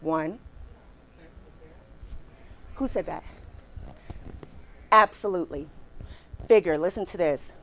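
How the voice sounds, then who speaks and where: A woman in her forties giving a lively career talk to a live audience, chatty and animated, talking straight to the crowd and acting out her own reactions as she tells a story. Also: on the low side, takes it slowly, pauses often, slight background noise. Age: 40s.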